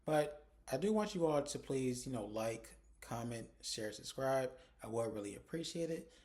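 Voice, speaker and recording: A young man casually recapping a TV episode to his viewers, chatty and animated, acting out the characters' lines as he goes. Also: medium pitch, moderate pace. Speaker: TV episode reviewer.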